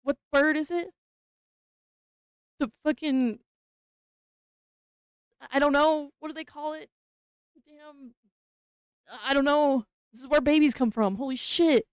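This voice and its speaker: A young woman streaming as she opens trading cards, talking casually, mumbling nervous asides and breaking into excited squeals. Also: high voice, takes it slowly, pauses often, no room sound, studio quality. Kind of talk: casual card-opening stream chat.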